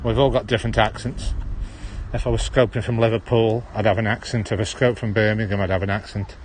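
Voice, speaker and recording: Walking through a park on a handheld-phone livestream, this Stoke-on-Trent man chats casually in a rambling way, his Potteries accent dropping H's. He speaks a little fast at a fairly low pitch with a level tone, and a little hiss or hum sits under the recording.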